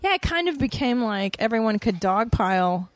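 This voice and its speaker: A woman's voice: a little high, very animated, normal speed, no echo. A middle-aged woman, a guest comedian on a podcast, chatting casually in a blunt, teasing, candid way. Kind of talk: casual chat.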